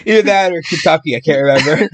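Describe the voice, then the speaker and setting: A man's voice: high voice, noisy background. A man hosting a casual podcast who keeps breaking into laughing fits. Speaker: podcast host. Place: in-person podcast room.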